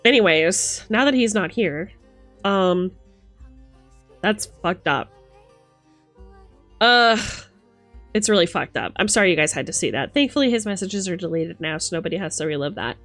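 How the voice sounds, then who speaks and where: A young woman streamer chatting casually with her viewers, animated, laughing and swearing freely. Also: on the low side, moderate pace, pauses often, soft background music. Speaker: livestreamer.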